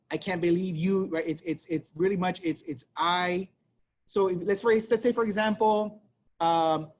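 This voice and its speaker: Guy running a parent workshop on a video call, talks quick, kinda higher voice, says right a lot, faint hiss behind. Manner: talks fast, conversational, many fillers and "right?". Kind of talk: online workshop presentation.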